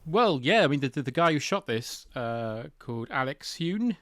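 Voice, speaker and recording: A man's voice: medium pitch, very animated, normal speed, a bit bright. A man hosting a casual comedy podcast chat, joking around and putting on silly voices. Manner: jokey, puts on silly voices. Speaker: podcast host.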